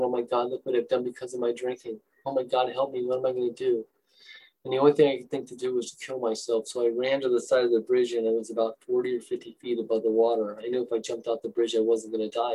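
Husky man telling a confessional story. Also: mid-range voice, a little mellow, poor audio. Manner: earnest, confessional, emotional storytelling. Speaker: recovering alcoholic sharing his story. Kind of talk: personal recovery talk.

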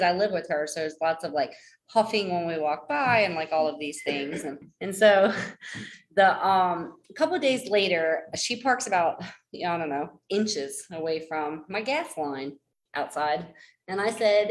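With lively intonation and a moderate pace, captured on a rough recording, a woman in her forties shares something personal. She's self-deprecating and meandering, stumbling over fillers and restarts, and she imitates what others said using sharp pitch jumps.

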